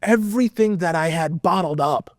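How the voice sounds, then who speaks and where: Guy on a podcast telling a story all animated, kinda high voice, super dry mic. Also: normal speed, no room sound. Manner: animated, expressive, full of fillers. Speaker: podcast guest, metal vocalist. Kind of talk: casual storytelling.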